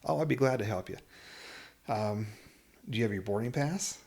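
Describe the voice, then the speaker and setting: Casual male storyteller, slightly low voice, lively delivery with laughs and voiced quotes. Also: normal speed, vocal fry. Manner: animated, laughs through the story, acts out other people's lines. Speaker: podcast guest telling a travel story.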